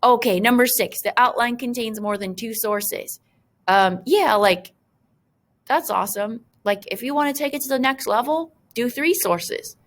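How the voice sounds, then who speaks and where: A woman's voice: on the high side, unhurried. A woman teacher talking through a screen-recorded lesson, chatty and full of fillers, with joking asides to her students.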